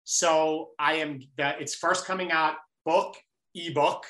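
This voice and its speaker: A man with a New York accent, a guest author giving energetic, emphatic motivational talk in an interview. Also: a little high, slow pace, roomy sound, poor audio.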